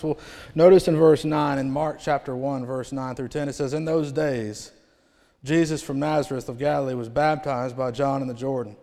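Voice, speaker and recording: A man preaching a revival sermon in a church, rising to loud proclamations and falling to near-quiet phrase endings. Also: medium pitch, steady tone, fairly quick. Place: church sanctuary. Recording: long hall reverb.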